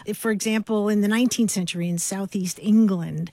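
A woman's voice: mid-range voice, steady tone, brisk, warm tone, no echo. A woman co-hosting a language radio show, chatty and laughing often as she explains where words come from. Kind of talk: radio talk show chat.

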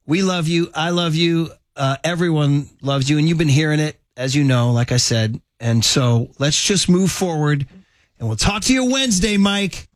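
A man hosting a radio talk show speaks with a slightly higher voice in a brisk, friendly way. His voice is close and dry, with no room sound. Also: no room sound. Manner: brisk, friendly, wraps segments up.

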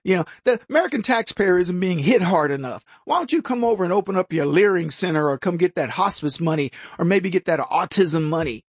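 Animated husky-voiced man, sarcastic host. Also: sits high, brisk, few pauses, no room sound, studio quality. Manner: sarcastic and mocking, with stumbling restarts; laughs at his own jokes. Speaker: political talk show host. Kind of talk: opinionated commentary monologue.

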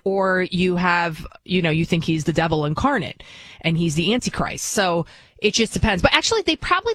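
A woman's voice: lowish voice, fairly bright tone, no echo. A woman who hosts a news show talks in a blunt, outspoken and opinionated casual monologue. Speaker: news TV host.

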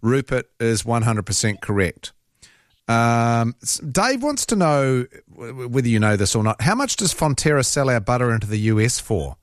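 A New Zealand man hosts a talkback radio show, chatting loosely with plenty of restarts and fillers. His pitch moves about a lot. The studio sound is dry and close. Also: very animated, normal speed, few pauses, no room sound. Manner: chatty, hesitant, laughs easily. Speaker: radio talk show host.

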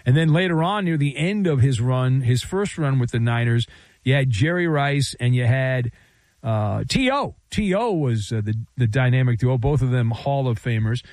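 A man's voice: mid-range voice, expressive, moderate pace, a little mellow, dry recording. A man hosting a sports talk radio show, riffing in a sarcastic, playful monologue.

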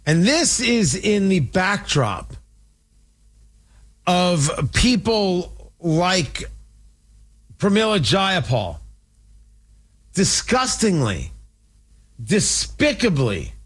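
A man with a fairly high voice delivers a heated opinion monologue as a talk show host. He sounds indignant and mocking, pressing each point with emphasis. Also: sing-song, drawn-out words, pauses often, fairly bright tone, husky.

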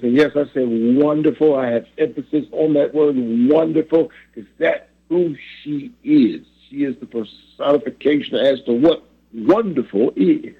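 Husky guy praying and preaching, slow and deliberate, sounds like it's coming through a phone. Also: mid-range voice, narrow, tinny audio. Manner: preacherly, measured, repeats phrases. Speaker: pastor and show host. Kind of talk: prayer and faith talk.

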